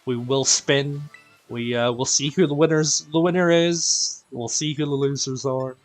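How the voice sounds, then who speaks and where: A man from Northern Ireland with a mixed Northern Irish accent, hosting a game live stream in casual chat, greeting viewers by name, tired and quieter than usual. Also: medium pitch, steady tone, unhurried, soft background music. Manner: chatty, greets viewers by name, self-deprecating. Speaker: live-stream raid host.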